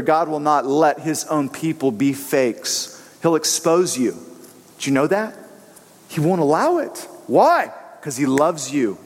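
Earnest preacher guy, chatty sermon full of stories, kinda high voice, big echoey hall. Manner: earnest, conversational, storytelling. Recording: long reverberant hall.

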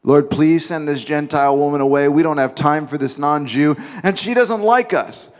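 Impatient, scornful male disciples who grumble and dismiss, as a preacher puts them on. They sound snippy and pitched high. A long reverb trails behind the voice. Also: moderate pace, lightly acted.

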